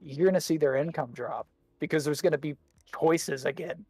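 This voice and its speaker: A man's voice: a little high, normal speed, a little mellow, husky, no room sound, soft background music. A man co-hosting a gaming podcast in casual chat, rambling and repeating words as he thinks, with the hiccups. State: has the hiccups. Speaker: podcast co-host.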